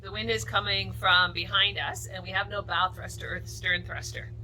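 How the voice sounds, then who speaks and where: Bright-voiced woman vlogging from a boat. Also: mid-range voice, steady tone, normal speed. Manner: chatty, narrating while filming. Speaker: vlog host. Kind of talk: casual vlog narration to camera. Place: outdoors on a boat at a marina dock.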